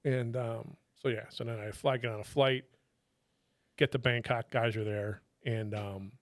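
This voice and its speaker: This retired federal agent, a middle-aged man, speaks at a measured pace in a mid-range voice, captured in a dry, studio-quality recording. His casual storytelling is animated and full of profanity, with others' words acted out in their own voices.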